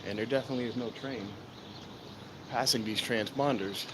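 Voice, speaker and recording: A man's voice: mid-range voice, moderate pace, noisy background. A man hosting a casual trainspotting live stream outdoors at a station, grumbling and exasperated while he waits. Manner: grumbling, exasperated, talking to himself. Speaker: trainspotting livestream host.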